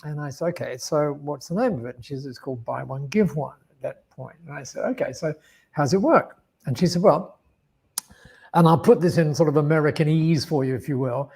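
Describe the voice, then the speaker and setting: Husky Australian man telling a story. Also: a little high, a little fast, a little mellow. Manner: rambling, with frequent restarts and acted-out dialogue. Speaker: guest speaker. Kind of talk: storytelling interview answer.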